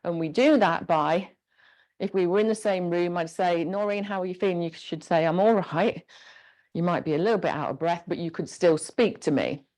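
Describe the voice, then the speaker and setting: A woman instructor leading a gentle guided exercise class, encouraging and giving step-by-step movement cues. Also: on the low side, moderate pace.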